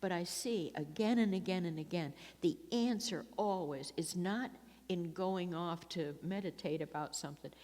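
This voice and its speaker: A woman's voice: fairly low pitch, moderate pace, a little mellow. A woman giving a personal talk at a recovery meeting, telling rambling stories with frequent laughs and restarts. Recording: long hall reverb.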